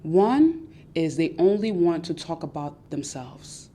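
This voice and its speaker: Animated woman giving girl-talk advice. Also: sits low, takes it slowly. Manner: animated, acts out friends' voices. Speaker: podcast host. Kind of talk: casual advice monologue.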